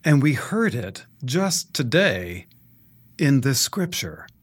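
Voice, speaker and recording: A man's voice: medium pitch, very animated, takes it slowly, slightly rough. A middle-aged male priest reading scripture and preaching in a conversational storytelling way, chuckling often.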